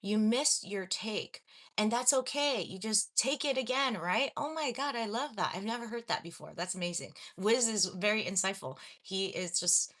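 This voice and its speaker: A woman's voice: mid-range voice, lively intonation, normal speed, a bit bright. A young adult woman from Los Angeles chatting casually on a livestream, reading viewer comments and laughing at herself often. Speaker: livestream host.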